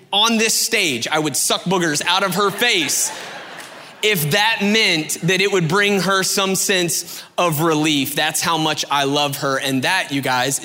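A man's voice: on the high side, bright, forceful tone, in a large hall. A man in his thirties preaching on a stage, telling a story with many asides and fillers. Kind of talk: sermon. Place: large hall on a stage.

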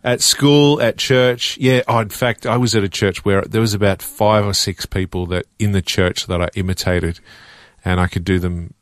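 Man, low chatty voice. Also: steady tone, moderate pace, no echo, studio quality. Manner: rambling, laughing asides. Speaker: impersonator, guest. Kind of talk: casual interview chat. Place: radio studio.

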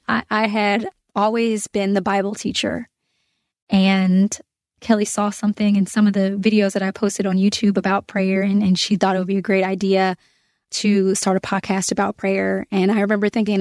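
A woman's voice: medium pitch, little pitch movement, normal speed, darkish tone, dry recording, clean studio sound. A woman hosting a prayer podcast, speaking earnestly and from the heart, with some fillers and restarts. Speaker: podcast host. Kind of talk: prayer podcast, spoken prayer and reflection.

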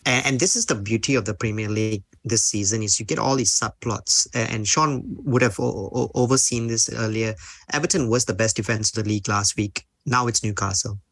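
A man on a football panel show, giving measured, reasoned analysis of a team. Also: on the low side, fairly bright tone, dry recording. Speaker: football pundit.

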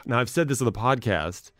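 A man's voice: mid-range voice, animated, normal speed, a bit bright, no echo, studio quality. A man hosting a podcast in casual chat, rambling and self-deprecating as he reads messages aloud. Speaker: podcast host.

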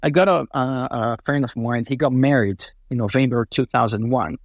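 A man from Brazil, an interview guest telling casual, animated stories with many fillers and acted-out quotes. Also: mid-range voice, normal speed, dry recording. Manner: animated, acts out quoted voices, frequent fillers. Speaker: interview guest, racing driver. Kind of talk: casual storytelling.

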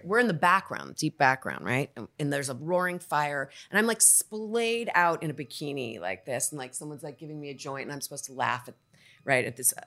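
Actor guest, woman, low gravelly voice, animated candid storyteller. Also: brisk. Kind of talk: casual podcast storytelling.

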